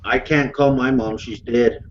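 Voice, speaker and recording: A man's voice: mid-range voice, steady tone, measured pace, slight background noise. A laid-back man chatting casually on an online podcast, swearing and laughing easily. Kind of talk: casual chat. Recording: lo-fi online call audio.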